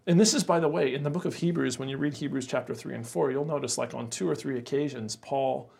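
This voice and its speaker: A man's voice: medium pitch, fast, vocal fry, slightly rough. A man co-hosting a casual chat, telling stories animatedly and calling his friend bro. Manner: animated storyteller, says bro and crazy. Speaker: co-host.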